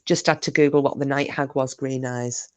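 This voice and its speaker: Scottish woman, low voice, livestream host, chatty, teasing, reads chat aloud. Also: steady tone, normal speed, a little mellow. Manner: chatty and teasing, mild swearing. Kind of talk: casual livestream chat reading comments aloud.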